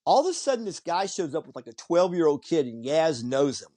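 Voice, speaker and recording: A man hosting a casual podcast chat, telling stories with lively acted-out quotes. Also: a little high, a little fast, no room sound. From Virginia Beach, US. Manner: animated storyteller who acts out quoted voices. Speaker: podcast host. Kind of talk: casual conversation.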